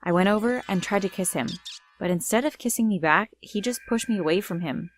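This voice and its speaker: A woman's voice: medium pitch, a little fast. A young woman giving a dramatic first-person storytime narration. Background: faint music.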